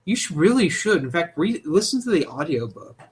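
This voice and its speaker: A young man co-hosting a casual podcast, talking in an animated, opinionated way. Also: on the high side, a little fast, husky. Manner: animated, opinionated, jumps into loud mock voices. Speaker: podcast co-host.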